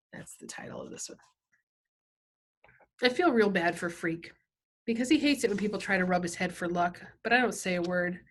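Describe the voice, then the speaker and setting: A woman teacher at home reading a novel aloud, with casual asides that check in with her listeners. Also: fairly low pitch.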